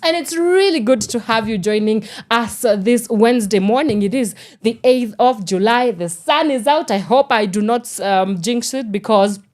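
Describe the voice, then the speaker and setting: A woman's voice: a little high, moderate pace, hardly any pauses. A woman with a Kenyan accent hosting a morning radio show, chatting casually and slipping in Swahili phrases. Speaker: radio host. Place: radio studio.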